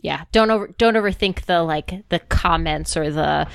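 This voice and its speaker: A woman's voice: sits low, moderate pace, vocal fry, few pauses, smooth, dry recording. A woman co-hosting a podcast, chatting casually and telling stories with lots of fillers. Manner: chatty, storytelling, many fillers. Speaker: podcast co-host. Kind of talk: casual chat.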